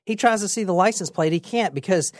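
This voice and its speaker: A young adult woman hosting a casual true crime podcast, telling the story in a lively, chatty way with swearing and acted-out quotes. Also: mid-range voice, quick pace, dry recording, studio quality. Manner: lively, swearing, laughs often, acts out quotes. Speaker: podcast host.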